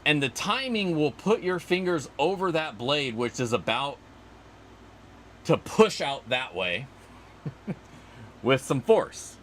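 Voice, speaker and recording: A man's voice: on the high side, sing-song, takes it slowly, pauses often, fairly bright tone, slight background noise. A man hosting a casual livestream outdoors, rambling and chatty as he answers viewer comments. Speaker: livestream host.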